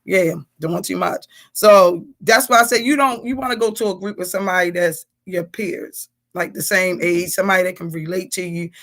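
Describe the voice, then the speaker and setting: A woman's voice: fairly low pitch, moderate pace, few pauses. Chatty woman in her forties. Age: 40s. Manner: animated, chatty storytelling. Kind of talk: casual live-stream chat.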